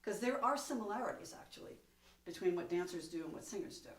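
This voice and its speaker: A woman's voice: medium pitch, lively intonation, fast talker, a little hiss or hum. A woman teaching a one-on-one singing lesson, coaching and demonstrating in an encouraging way. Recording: echoey room, voice from a distance.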